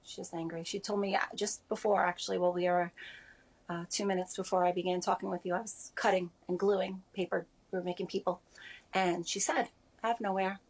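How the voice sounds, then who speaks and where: Husky grieving woman on a video call, kinda gravelly, halting and soft. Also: fairly low pitch, little pitch movement. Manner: halting, soft-spoken, many pauses and fillers. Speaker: interview guest. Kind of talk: remote news interview.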